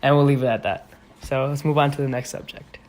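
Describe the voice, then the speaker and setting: A man in casual sports podcast chat, defending his team with a quick flow of "like" and restarts. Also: medium pitch, fairly even intonation. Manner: quick, hedging with "like". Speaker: podcast host.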